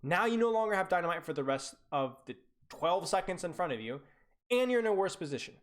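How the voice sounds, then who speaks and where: Blunt, animated young male game coach. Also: high voice, quick pace. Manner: blunt, teasing critique with lots of "like" fillers. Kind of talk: live-streamed gameplay coaching review.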